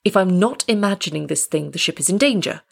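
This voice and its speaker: A woman's voice: on the low side, expressive, fast talker, creaky. A woman reading the lines of a panicky middle-aged male airline passenger who talks in a shaky, pleading way. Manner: shaky, pleading, rising to shouts. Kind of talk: audiobook reading.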